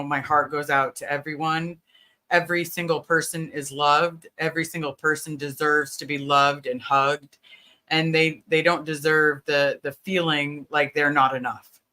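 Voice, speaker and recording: A woman's voice: sits low, bright, forceful tone. A woman hosting a casual livestream, earnestly greeting viewers by name and reassuring them. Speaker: livestream host.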